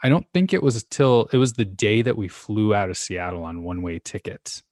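A man with a very low, deep voice, telling candid personal stories in relaxed podcast conversation. His voice sounds dry and close to the mic. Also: normal speed, no echo. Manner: candid, storytelling. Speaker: podcast co-host. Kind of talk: casual conversation.

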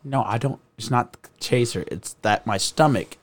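A man's voice: medium pitch, moderate pace. A young man co-hosting a podcast, a rowdy casual chat full of swearing and laughter. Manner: loud, laughing, swearing, animated. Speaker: podcast co-host. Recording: noisy room recording.

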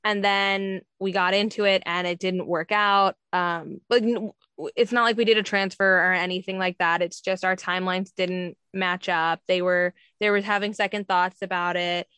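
A woman's voice: lowish voice, steady tone, normal speed, sharp tone, clean tone, no echo. A woman talking casually about being a surrogate. She laughs often and acts out what other people said. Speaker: surrogate mother telling her story. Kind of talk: casual storytelling chat.

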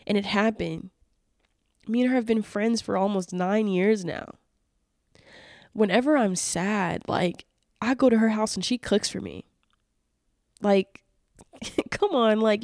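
A woman's voice: medium pitch, darkish tone, no room sound. A woman in her late twenties hosts a solo podcast, talking straight into a close mic with a dry, unroomy sound. She talks in a mid-range voice, earnest and emotional. Her thoughts come with fillers, restarts and repeated words. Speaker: podcast host.

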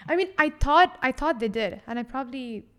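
A woman's voice: sits high, expressive, fairly quick, smooth. Giggly young woman, stumbling chatter. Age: young adult. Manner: giggly, stumbling over repeated words. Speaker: podcast guest. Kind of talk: casual chat.

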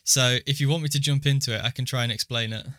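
A young man co-hosts a casual podcast and patiently walks his friend through an idea. His voice is bright and forward. The sound is dry and close, with no room around it. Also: medium pitch, steady tone, fast talker, no room sound. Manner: explains things step by step. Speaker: podcast co-host.

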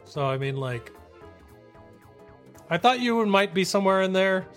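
A man's voice: sits high, animated, moderate pace, faint music behind. A man co-hosting a casual gaming podcast on a live stream, talking loosely and laughing often. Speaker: podcast co-host.

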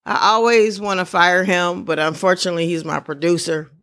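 A podcast host from the Midwest, chatting casually in an excitable, rambling, celebratory way. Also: mid-range voice, brisk, background noise.

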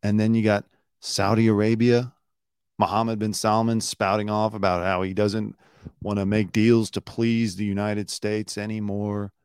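A man hosting a casual news commentary show, sarcastic and quick to mock pundits. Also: on the low side, little pitch movement, smooth, no echo, studio quality. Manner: sarcastic, mocks pundits in put-on mopey voices.

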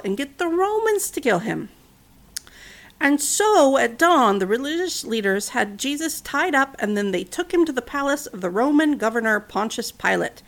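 Gravelly-voiced woman telling stories. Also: fairly high pitch. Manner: earnest, gentle, conversational asides. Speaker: podcast host and storyteller. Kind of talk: storytelling narration for children.

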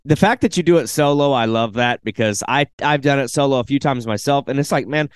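Relaxed host, plain-spoken, mid-pitched, recorded dry and close. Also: male voice, brisk, clear, resonant tone, dry recording. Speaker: podcast host. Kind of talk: casual podcast chat.

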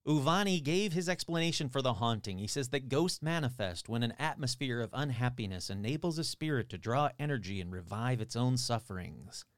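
A man's voice: medium pitch, sing-song, a little fast, hardly any pauses, no echo, studio quality. A man casually retelling a strange tale, with sarcastic, irreverent asides and the odd swear. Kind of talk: casual storytelling narration.

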